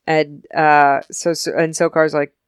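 Young woman podcaster, low voice, dry sound, acts out all the characters while she recaps. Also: clear, resonant tone, dry recording. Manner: animated, acts out characters in quick voices, laughs often. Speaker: podcast co-host recapping a TV episode. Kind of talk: casual chat.

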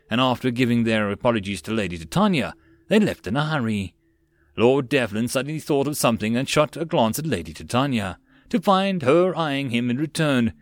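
A man narrating an audiobook of a web novel in an expressive storytelling manner. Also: mid-range voice, no room sound. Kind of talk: scripted narration.

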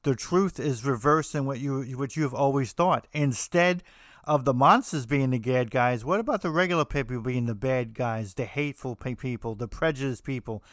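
A man's voice: medium pitch, moderate pace, a bit bright, no echo, clean studio sound. An American man hosting a podcast, talking casually in a rambling way with frequent restarts and fillers. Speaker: podcast host. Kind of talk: casual monologue on horror films.

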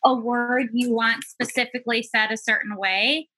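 A woman chats casually about casting and self-taping. Her bright, slightly high voice is loose and full of fillers. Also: fairly even intonation, normal speed, dry recording, low-quality recording. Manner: chatty, many fillers, light laughs. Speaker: actor and casting helper. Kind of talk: casual chat.

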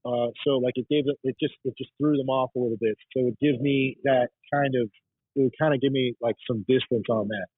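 A husky man's voice coming through a narrow, phone-like line, dry and close. He talks loosely and rambles through his stories as a podcast guest, with plenty of fillers and restarts and the odd swear. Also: mid-range voice, fairly even intonation, a little fast, no room sound. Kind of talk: casual storytelling chat.

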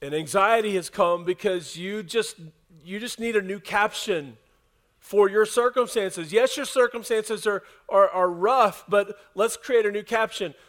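A man preaching a sermon to his congregation in a conversational way, often dropping to a soft hush for emphasis. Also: high-pitched, unhurried. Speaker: pastor. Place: church service with a congregation.

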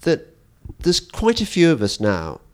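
A man hosting a podcast interview, talking in an animated way with frequent restarts and teasing asides. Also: fairly high pitch, measured pace. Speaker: podcast host. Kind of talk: conversational interview.

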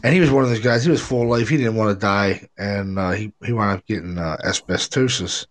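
A man's voice: fairly low pitch, fairly quick. A man hosting a casual paranormal call-in show, telling rambling stories and acting out quotes between laughs. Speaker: podcast host.

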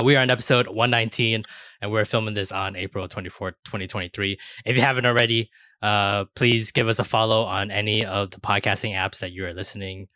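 Forceful, low-voiced male podcast host. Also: no echo, studio quality. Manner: stammers and repeats words, swears often. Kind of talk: casual roundtable podcast chat.

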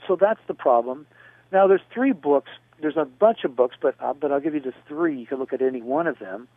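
A man on a call-in radio show talks through his answer at length, wandering a little, filling gaps with "uh" and spelling names letter by letter. His voice is mid-pitched and comes through a narrow, tinny phone line. The sound is dry, with no room around it. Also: no room sound. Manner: discursive, spells out names, many fillers.

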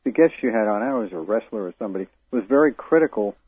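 A man calling in to a talk radio show, arguing his point with halting restarts. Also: lowish voice, animated, breathy edge, no echo. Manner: halting, argumentative, many restarts. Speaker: caller. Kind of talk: call-in radio discussion. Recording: tinny phone line, dry.

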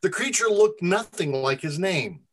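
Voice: mid-range voice, unhurried. Wry storyteller reading a funny fantasy story to friends, voice swings all over. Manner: wry, self-deprecating, lively delivery.

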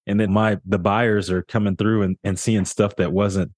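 A young adult man co-hosting a casual podcast, telling work stories with lively mimicry of the people involved. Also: fairly low pitch, moderate pace, no echo, clean studio sound. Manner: animated storyteller, often mimics others with a raised voice. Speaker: podcast co-host, real estate agent.

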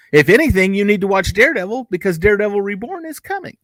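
A man's voice: sits high, sing-song, quick pace, a bit bright, no echo. A man co-hosting a casual TV review podcast, talking in a rambling, chatty way with many asides. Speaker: podcast co-host reviewing TV episodes.

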